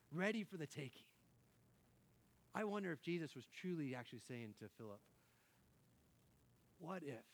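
Animated man preaching a sermon. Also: medium pitch, slight background noise. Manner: animated, laughing often, self-interrupting with restarts. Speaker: pastor.

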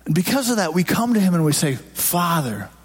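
Male pastor, high-pitched voice, conversational sermon, handheld mic in church. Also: animated, very fast, a little mellow, slightly rough. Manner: conversational, jokes with the congregation. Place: church sanctuary before a congregation. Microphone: handheld microphone.

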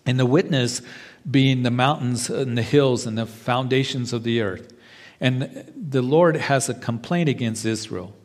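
A man's voice: mid-range voice, a little mellow. Man preaching in an echoing hall. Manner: reads scripture aloud, then explains it, with hesitant fillers. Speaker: pastor. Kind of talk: sermon. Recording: long hall reverb.

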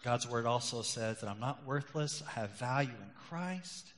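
A middle-aged male pastor preaching a sermon, rising loud and emphatic on key points, then dropping quiet and confessional. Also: medium pitch, animated, normal speed, a little hiss or hum. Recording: long hall reverb.

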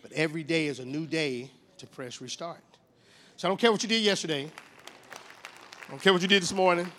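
A man of fifty preaching a sermon, telling stories with big swings in pitch and loudness. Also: brisk, some chatter behind. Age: 50s. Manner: animated storytelling with wide swings in pitch and volume.

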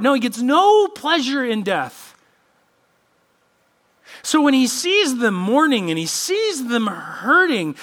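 Bright, lively-voiced male preacher. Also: very high-pitched, takes it slowly. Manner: expressive preaching, acting out quoted voices. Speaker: pastor. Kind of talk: sermon. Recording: church podcast sermon.

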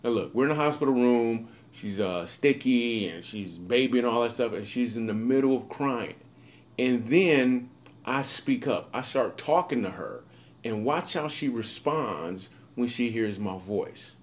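A man's voice: mid-range voice, expressive, normal speed. A man in a recorded video monologue, telling a personal story in a casual, upbeat way with slangy asides.

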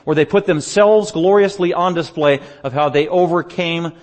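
A male pastor chatting through a slideshow report during a church service, telling stories in an animated way and laughing often. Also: a little high, moderate pace. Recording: long reverb of a large hall.

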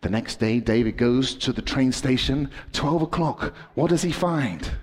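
Guy preaching to kids, slow and bouncy, big hall reverb, goes loud then whispery. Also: medium pitch. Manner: dramatic, swings from excited to hushed. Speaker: children's preacher. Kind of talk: storytelling sermon to children.

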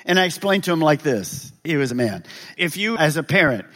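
A male pastor preaching a sermon, animated and joking, asking the congregation rhetorical questions. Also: on the high side, brisk. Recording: long hall reverb.

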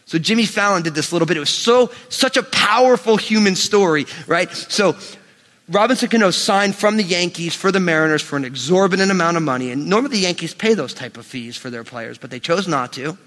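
Man preaching, emphatic, bright ringing tone, reverberant hall. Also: high voice, a little fast. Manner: animated, emphatic preaching with sudden rises and drops. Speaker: pastor. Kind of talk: sermon.

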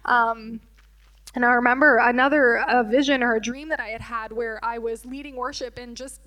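High-pitched woman, worship leader sharing her testimony, earnest, full of ums. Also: steady tone, moderate pace, sharp tone, poor audio. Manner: earnest, emotional, many fillers. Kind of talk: personal testimony in church interview.

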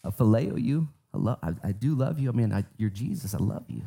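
A man's voice: medium pitch, expressive, a little fast, vocal fry, warm tone, breathy edge. A man doing a boastful, sheepish apostle. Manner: sheepish, casual slang. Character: impulsive ashamed man apostle.

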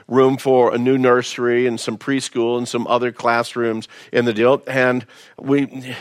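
Male pastor, folksy conversational sermon, middle pitch, dry close sound. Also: flat delivery, unhurried, no room sound. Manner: folksy, conversational, repeats words. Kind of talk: storytelling sermon.

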